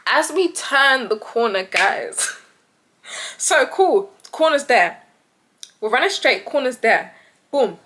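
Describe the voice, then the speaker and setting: Young British woman vlogger, fairly high voice, lively storyteller who acts out every voice. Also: takes it slowly, pauses often, a little hiss or hum. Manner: animated, acts out quoted voices with big pitch jumps. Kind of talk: storytime vlog.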